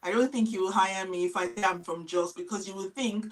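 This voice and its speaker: A woman's voice: medium pitch, fairly quick, few pauses, far from the mic, poor audio. Earnest woman teacher giving advice. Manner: earnest, advising, explanatory. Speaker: teacher and guest panelist. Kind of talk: live-stream panel Q&A. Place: lives in England.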